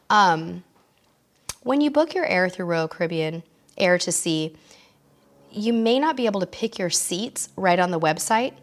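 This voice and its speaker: A woman's voice: lowish voice, expressive, measured pace, pauses often. A woman hosting a live-stream cruise chat, answering viewers with a tickle in her throat and coughing now and then. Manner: chatty, interrupted by coughs. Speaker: cruise vlog host.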